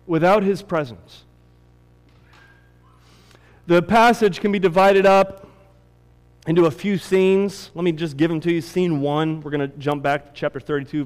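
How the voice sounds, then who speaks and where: Preaching man in an echoing hall. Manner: animated preaching, voice rising high and loud at peaks. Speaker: pastor. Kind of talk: sermon.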